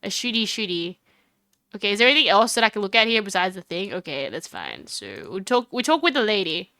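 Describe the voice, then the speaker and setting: A woman's voice: mid-range voice, big pitch swings, brisk, bright, forceful tone, no room sound. A woman streamer giving chatty, giggly commentary while playing a game and talking to her chat on a close desk mic. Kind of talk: casual let's-play commentary.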